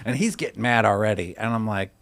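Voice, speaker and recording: A man's voice: fairly low pitch, quick pace. An American man co-hosting a podcast, telling stories in casual banter and acting out the people he quotes. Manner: animated storyteller, acts out quotes. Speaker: podcast co-host.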